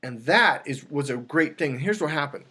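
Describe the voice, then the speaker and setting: Speaking at normal speed in a fairly high voice, with a slight hiss or hum in the recording, a dating coach addresses the camera casually. His lively story keeps restarting and correcting itself as he performs the lines people said.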